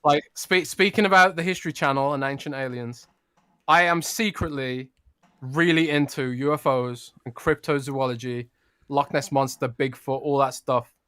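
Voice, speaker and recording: A man's voice: medium pitch, normal speed, bright, forceful tone, clear, resonant tone, dry recording, clean studio sound. A British man from the UK co-hosting a podcast, chatty and rambling, laughing often. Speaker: podcast co-host. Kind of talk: casual chat.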